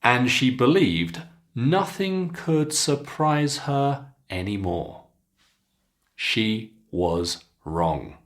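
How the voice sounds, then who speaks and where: A man with a British English accent teaching pronunciation, reading a story aloud slowly and clearly between instructions to pause and practise. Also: mid-range voice, big pitch swings. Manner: slow, deliberate, clearly enunciated reading with instructions to repeat.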